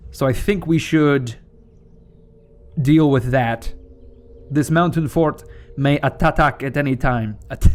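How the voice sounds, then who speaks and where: A young man hosting a strategy game playthrough, talking casually as he rambles, swears and corrects himself. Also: mid-range voice. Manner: rambling and profane, with self-corrections. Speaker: gaming channel host.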